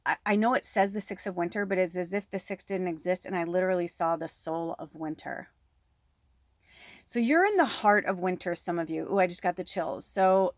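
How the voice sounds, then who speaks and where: A woman's voice: mid-range voice, no echo. A middle-aged woman giving a chatty pick-a-card tarot reading, talking close to the microphone. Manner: chatty, breathy asides, close to the mic. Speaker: tarot reader.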